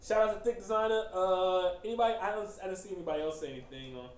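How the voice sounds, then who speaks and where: Man, host, casual chat, high voice, joking and laughing, echoey room, faint noise. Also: racing. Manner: animated, joking, laughing often.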